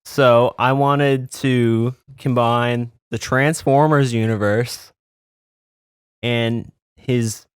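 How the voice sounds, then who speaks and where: A man's voice: medium pitch, steady tone, drawn-out words, clear, resonant tone, no echo, studio quality. A man co-hosting a podcast, rambling casually with lots of fillers. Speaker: podcast co-host. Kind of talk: casual chat.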